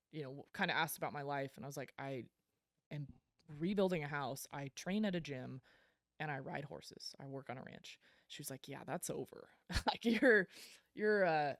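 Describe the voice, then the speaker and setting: A woman's voice: deep voice, dry recording, studio quality. A woman guest on a podcast, telling her story in a blunt, frank way, swearing casually and laughing between lines. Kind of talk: candid storytelling interview.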